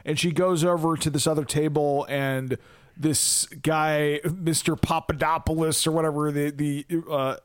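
A man with a slightly higher voice chatting on a movie podcast. He retells scenes with energy, slips into the characters' lines and laughs often. The sound is dry and close, with no room around it. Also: unhurried, clear, resonant tone, dry recording. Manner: animated retelling, acts out quotes, laughs often. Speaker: podcast co-host. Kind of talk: casual movie review chat.

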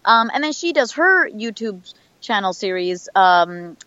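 A woman's voice: mid-range voice, very animated, unhurried, pushed and bright, no echo, dull audio. A woman, a voice actor, chatting casually in an interview, with lots of fillers and restarts. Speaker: voice actor guest.

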